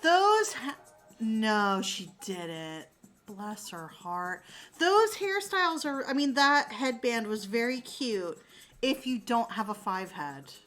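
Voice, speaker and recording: Casting: woman, forties, bright voice pitched a touch high, sarcastic casual streamer chat. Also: faint music behind. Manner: animated, sarcastic, quick asides and laughs. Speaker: livestreamer reading chat.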